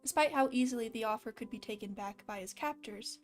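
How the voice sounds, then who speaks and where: A woman's voice: on the high side, fairly quick, faint music behind. A woman casually reading a fan story aloud with a slight lisp, stopping now and then to laugh and comment. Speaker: fan fiction reader.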